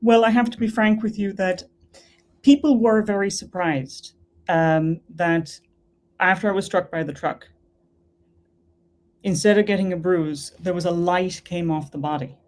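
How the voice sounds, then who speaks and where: An earnest woman from Ireland recounts her personal faith story. Her voice sits low for a woman. She leans on repetition to stress her points. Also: steady tone, unhurried, long pauses, a little mellow. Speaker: guest.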